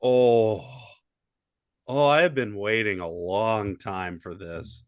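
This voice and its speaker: A man's voice: fairly low pitch, takes it slowly, no echo, studio quality. A man co-hosting a comedy podcast, trading wry comebacks and laughing. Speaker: podcast co-host. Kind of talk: improvised comedy bit.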